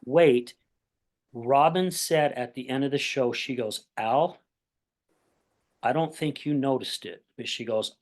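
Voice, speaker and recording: A man's voice: medium pitch, slow pace, long pauses. A man hosting a podcast tells a long personal story to his guest. He acts out the people in it and keeps checking in with "right?" as he goes. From Utah, USA. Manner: animated storyteller, acts out quoted voices, says "right?" often. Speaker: podcast host. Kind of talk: conversational interview storytelling.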